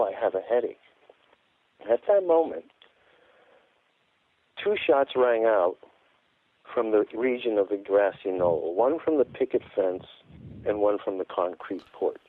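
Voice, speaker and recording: A man's voice: fairly low pitch, lively intonation, measured pace, long pauses, dry recording. A man as a radio guest, telling his account emphatically and repeating words for stress. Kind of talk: phone-in radio interview. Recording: tinny phone line.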